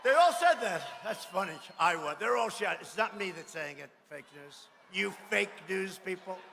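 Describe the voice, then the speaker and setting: A man giving a rally speech, boastful and mocking, repeating himself and bursting into shouts. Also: high voice, animated, normal speed, gravelly, some chatter behind, a little hiss or hum. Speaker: political speaker at a rally. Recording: echoey hall with faint ambience.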